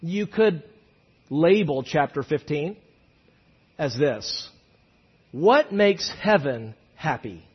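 Male preacher, high husky voice, dramatic dynamic sermon delivery, dull lo-fi recording. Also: takes it slowly, pauses often. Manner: animated, swings from loud emphasis to hushed asides.

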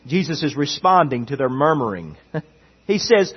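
A pastor preaches emphatically and repetitively, reading scripture aloud, captured in dull lo-fi sound. His voice is on the high side for a man, with a breathy edge and normal speed.

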